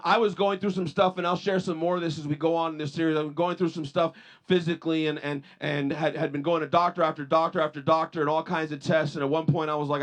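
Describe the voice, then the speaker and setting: A man's voice: fairly even intonation, brisk. A male pastor preaching a sermon, telling personal stories with many repeated restarts and rising emphasis on his points. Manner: rises in pitch and force on points of emphasis.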